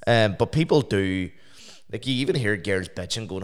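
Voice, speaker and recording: A man with a very deep, smooth voice talks casually and animatedly. He fills his sentences with fillers and often laughs as he goes. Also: animated, moderate pace. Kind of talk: casual chat.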